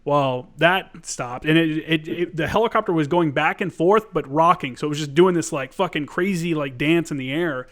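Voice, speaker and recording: A man's voice: a little high, moderate pace, hardly any pauses, fairly bright tone. A man hosting a podcast, a former Marine telling his own story in a casual, profane way.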